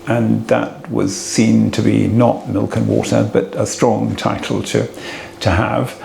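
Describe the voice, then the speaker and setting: An older man, a retired cathedral dean, giving a halting, reflective talk to an audience, with many fillers and restarts. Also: fairly low pitch, level tone, creaky, darkish tone. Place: assembly room before an audience. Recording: echoey hall, faint room noise.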